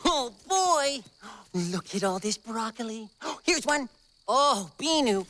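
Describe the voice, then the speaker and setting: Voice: mid-range voice, expressive, slow pace, background noise. A performer voicing a cheerful, giggly male cartoon creature who eagerly helps his friend, with exclamatory, sing-song delivery in a preschool cartoon. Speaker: cartoon lead character.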